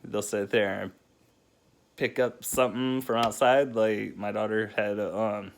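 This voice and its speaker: Laughing gravelly-voiced dad vlogger. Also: male voice, fairly low pitch, level tone, measured pace. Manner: laughs often while telling stories, loose and rambling. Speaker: single father vlogger. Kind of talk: casual chatty countdown vlog.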